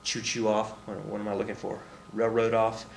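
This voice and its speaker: A man's voice: fairly low pitch, completely flat delivery, brisk, vocal fry, reverberant. A man teaching a casual recorded history lesson, rambling and jokey, muttering to himself and acting out the people he quotes.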